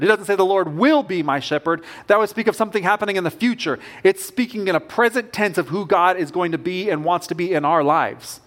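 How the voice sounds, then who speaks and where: A man's voice: high voice, a little fast, few pauses, a bit bright. A man preaching a sermon as pastor, earnest and emphatic, with rising bursts of conviction.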